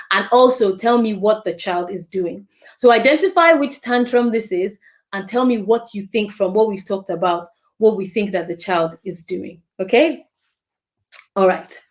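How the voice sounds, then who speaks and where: A woman giving a parenting talk, expressive and repeating phrases for emphasis. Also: medium pitch. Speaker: parenting speaker.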